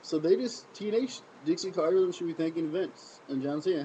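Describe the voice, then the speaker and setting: A man giving a casual solo wrestling review, animated and repetitive, full of sarcastic rhetorical questions. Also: fairly high pitch, a little fast, few pauses, slight background noise, low-quality recording.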